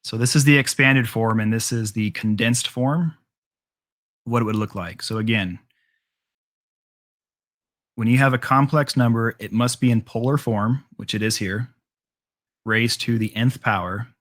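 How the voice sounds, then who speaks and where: A man's voice: mid-range voice, measured pace, long pauses, a bit bright. A man teaching a math class, explaining steps casually with frequent ums and restarts. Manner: casual, filler-heavy explaining with frequent ums and all rights. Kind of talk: classroom lecture.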